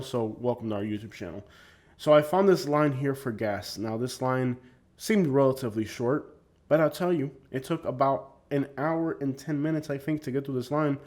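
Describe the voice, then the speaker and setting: A man's voice: mid-range voice, a little mellow. Rambling, opinionated man narrating a vlog. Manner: rambling and opinionated, with frequent restarts. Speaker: vlogger. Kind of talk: casual vlog narration over driving footage.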